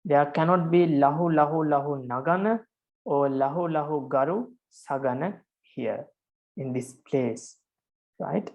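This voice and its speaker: A man's voice: fairly high pitch, unhurried, narrow, tinny audio. A man, a Buddhist monk, teaching a lecture on verse meter, patiently repeating each point with frequent hesitations.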